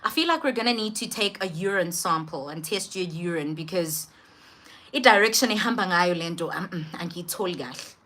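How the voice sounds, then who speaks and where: A woman voicing a solemn male doctor who speaks slowly and gravely while retelling a story in a vlog. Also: on the low side, expressive, fairly bright tone, pitched below the performer's own voice.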